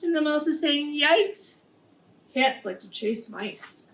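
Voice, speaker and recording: A woman reading a picture book aloud to young children, gently explaining words as she goes. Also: sits high, lively intonation, a little slow, vocal fry. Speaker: preschool teacher. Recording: echoey room, distant mic, faint noise.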